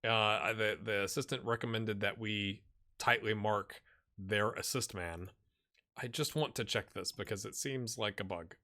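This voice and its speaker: A man commentating his own football management game, excitable, going from mumbled asides to shouts at near misses. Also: fairly low pitch, unhurried. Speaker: gaming YouTuber. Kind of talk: let's-play commentary.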